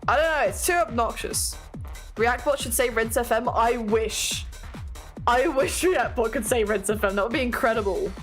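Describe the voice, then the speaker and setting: A British woman streaming a casual chat, talkative and quick to laugh at herself. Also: fairly high pitch. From Britain. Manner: chatty, giggly, self-mocking. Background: faint music playing.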